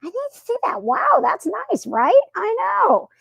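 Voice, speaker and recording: A woman voicing her curious house cat, with a squeaky high voice, excited to look at something. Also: moderate pace, gravelly, no echo, exaggerated voice. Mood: curious, pleased.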